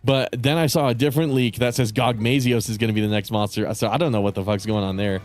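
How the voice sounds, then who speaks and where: A man's voice: fairly low pitch, steady tone, fast, faint music behind. Laid-back, cursing young man streaming. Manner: rambling, profane, laid-back. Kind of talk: casual gaming commentary.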